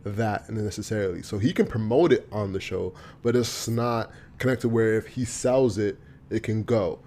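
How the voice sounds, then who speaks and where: A man's voice: fairly low pitch, moderate pace, darkish tone, a little hiss or hum. A man hosting a podcast, talking casually with slang while guiding the conversation. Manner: casual, uses slang, steers the talk. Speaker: podcast host. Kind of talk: casual chat.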